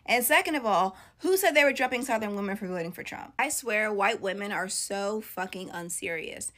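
A woman's voice: medium pitch, animated, a little fast, fairly bright tone. A woman giving sarcastic, mocking commentary in a reaction video.

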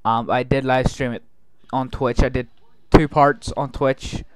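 A gaming video host records let's play commentary in a medium-pitched, flat, smooth voice, speaking a little slowly on a dry recording. He jokes around and talks back to the game's characters.

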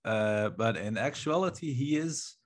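Guy playing a tabletop game, mid pitch, stammers a lot. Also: expressive, measured pace. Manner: hesitant, stammering delivery. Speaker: player. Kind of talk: tabletop game role-play.

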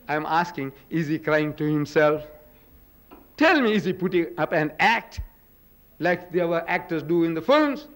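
An older man giving a religious lecture at a podium in a hall, dramatic, with booming quotes and rhetorical questions. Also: lively intonation, normal speed, fairly bright tone.

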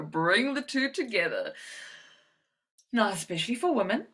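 A bright-toned woman coaching an audience on public speaking. Her delivery is animated and demonstrative, swinging between loud and soft, high and low. She gives short, direct instructions in a presentation style. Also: normal speed, pauses often, husky, rough recording. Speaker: confidence coach. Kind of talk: presentation to medical professionals.

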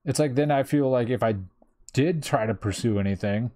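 A man's voice: medium pitch, moderate pace, mellow. Rambling, swearing man in his thirties. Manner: rambling, swears freely, fillers like "like". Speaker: streamer. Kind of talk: casual chat.

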